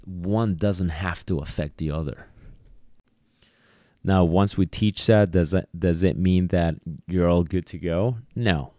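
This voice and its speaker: Low-voiced, dark-toned male dog trainer. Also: fairly even intonation, takes it slowly, no echo, studio quality. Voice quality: talks in a casual, repetitive way and acts out quoted dialogue. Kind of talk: solo podcast lesson.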